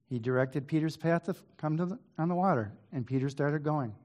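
A Bible teacher muses his way through a reading in an informal study talk, reading scripture aloud and then reflecting conversationally with asides, hesitant restarts and throat clearing. His voice is slightly high and darkish, and his pace fairly quick.

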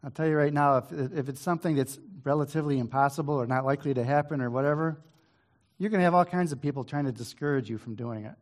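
A man giving an informal Bible study. He reads the old scripture verses at an even pace, then drops into loose, musing talk with restarts and asides, now and then clearing his throat. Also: fairly high pitch, quick pace. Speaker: Bible teacher.

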